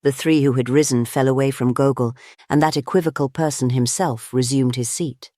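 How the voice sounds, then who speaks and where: Man, audiobook narrator, measured, expressive, middle pitch, dry close recording. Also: no echo. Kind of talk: scripted narration.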